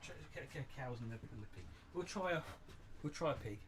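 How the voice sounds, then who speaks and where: A man hosting a casual live stream from his model railway, chatty, jokey and excitable. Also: mid-range voice, brisk, noisy background. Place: indoors at a model railway layout.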